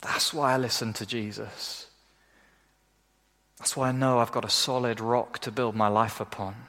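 A man preaching a sermon, animated, often acting out the people he quotes in a lifted voice. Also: moderate pace. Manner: animated, acts out quoted voices in a raised pitch. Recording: long hall reverb.

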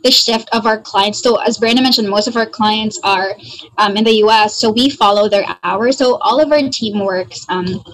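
A woman who oversees recruitment, a podcast guest, explaining her process step by step and often checking in with a quick "right?". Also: mid-range voice, fairly bright tone, low-quality recording. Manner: explanatory, lists steps, tag questions like "right?". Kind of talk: casual interview answer.

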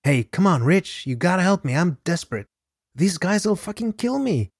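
A man voicing a desperate male gambler in debt, pleading frantically in a raised pitch. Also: animated, measured pace, darkish tone, slightly rough, no room sound, studio quality.

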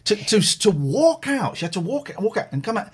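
A man hosting a chat show, telling stories in a rambling, animated way. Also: high voice, brisk, husky. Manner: rambling, lively, mimics others. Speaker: podcast host.

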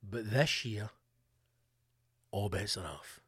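A man's voice: lowish voice, animated, takes it slowly, a bit bright, breathy edge. A Scottish man hosting a podcast, delivering a foul-mouthed comic rant with mock-political bluster. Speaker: podcast host. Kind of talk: comedic monologue. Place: home room.

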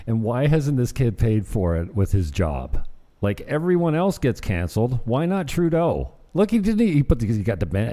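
A man's voice: mid-range voice, dark tone. A man hosting a casual political chat, sarcastic, often laughing and trailing off mid-sentence. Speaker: host.

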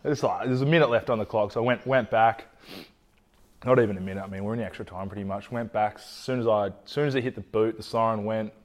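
A young Australian man talks with a low-pitched, easygoing voice. He rambles and restarts his phrases often, like a relaxed podcast guest. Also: quick pace. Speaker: guest, former footballer. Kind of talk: casual chat.

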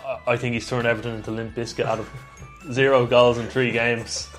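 A man's voice: medium pitch, flat delivery, soft background music. Man bantering through football results. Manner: banter, quick rundown of results. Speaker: podcast co-host. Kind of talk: casual football chat.

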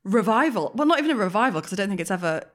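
A woman's voice: mid-range voice, big pitch swings, rapid-fire. A young woman co-hosting a podcast in casual chat, chatty and self-mocking, laughing often. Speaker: podcast co-host.

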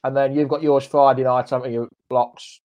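A man's voice: mid-range voice, level tone, moderate pace, darkish tone. Bantering man hosting. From Leicester, England. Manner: jokey, banter-filled. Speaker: host of a football fan show. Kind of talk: casual chat on a live stream.

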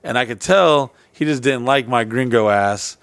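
A man's voice: mid-range voice, normal speed, a bit bright, no echo. A man hosting a podcast, telling rambling stories in casual, profane chat. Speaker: podcast host.

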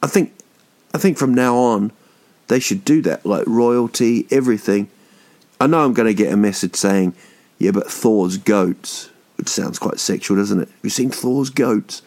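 A man's voice: medium pitch, normal speed, a little mellow. A man in his thirties hosting a podcast, rambling through a jokey, swearing monologue that drifts off topic. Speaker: podcast host.

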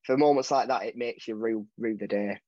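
A man co-hosting a casual football podcast, giving animated, opinionated takes. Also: medium pitch, no echo. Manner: animated, opinionated, quick asides. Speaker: podcast co-host. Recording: dull dry lo-fi sound.

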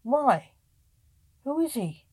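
A woman's voice: high voice, very animated, extremely slow, warm tone, breathy edge, voice pushed up, heavily acted. A woman voicing a frightened young man with visions. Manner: frightened, pleading. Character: anxious young man who sees visions.

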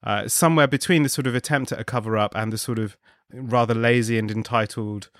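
A man's voice: mid-range voice, steady tone, brisk, fairly bright tone, no room sound, studio quality. A man as a podcast guest, giving wry political analysis in a thoughtful way, with frequent ums and restarts. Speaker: guest, contributing editor.

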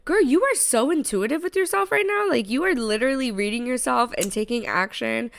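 A young woman co-hosting a podcast in a casual chat, reacting with teasing remarks and loud laughs. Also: a little high, expressive, a little fast, gravelly. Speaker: podcast co-host.

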